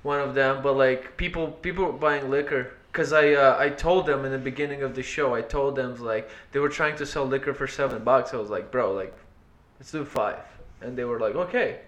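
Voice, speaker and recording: A man from Europe, not a native English speaker, telling animated stories in a casual podcast chat with many fillers. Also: medium pitch, brisk.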